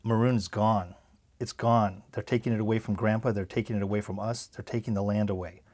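A man's voice: on the low side, fairly even intonation, a little fast, a little mellow, close to an everyday voice. A man reading the part of a worried, anxious mother who pleads and repeats herself. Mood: resigned. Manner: pleading, insistent repetition. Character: worried anxious mother, middle-aged woman.

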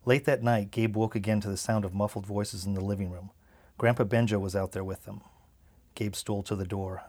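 A man narrating an audiobook in a calm, measured way. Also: lowish voice.

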